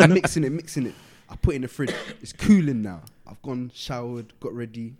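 Over crowd noise, a young podcast co-host tells a long story in a medium-pitched voice, a little fast. He keeps it casual and animated, performing the quotes in London street slang.

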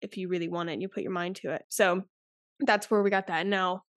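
A woman's voice: on the low side, fairly even intonation, quick pace, no echo, studio quality. A woman in her twenties, a podcast guest chatting candidly and rambling a bit, full of likes and restarts. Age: 20s. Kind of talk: casual interview chat.

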